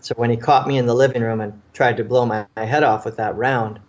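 A man's voice: mid-range voice, steady tone, fairly quick, a little mellow, dull audio. A man who is a former police officer, telling a personal story in an interview with earnest, vivid delivery. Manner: earnest, vivid storytelling that acts out what people said.

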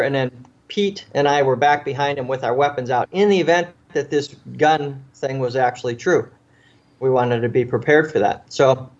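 On a muffled recording, a man with a mid-range voice, a police officer who also writes, vividly recounts a tense story in an interview. He acts out the voices of people he quotes and keeps restarting and repeating words.

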